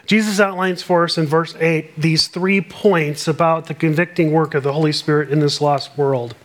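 Guy preaching a sermon, voice a bit on the high side, earnest, reads verses out loud. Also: fairly even intonation, normal speed, few pauses. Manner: earnest expository preaching, reads scripture aloud. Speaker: pastor.

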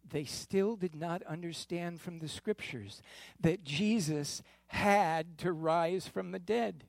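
Man, scripture narrator, high voice, lively pitch, slow deliberate pace, dry sound. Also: vocal fry, no echo. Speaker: scripture reader.

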